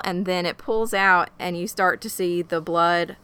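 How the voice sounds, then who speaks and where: Bright, clear-voiced woman recapping a show. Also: lowish voice, a little slow, few pauses. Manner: animated, profane, emotional retelling with quoted reactions. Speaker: podcast co-host recapping a TV episode. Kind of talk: casual chat.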